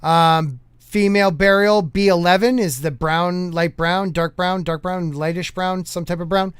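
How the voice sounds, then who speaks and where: A man's voice: sits high, steady tone, measured pace, clear, resonant tone, no room sound, studio quality. A man hosting a podcast, joking casually and stumbling over words as he reads old newspapers aloud. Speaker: podcast host.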